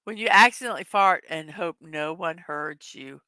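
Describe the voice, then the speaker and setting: A woman's voice: lowish voice, normal speed, pushed and bright, smooth, no room sound. A middle-aged woman hosting a casual morning show, chatting and laughing often as she reads out jokes. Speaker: host of a daily morning show. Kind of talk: casual chat reading memes to a live audience.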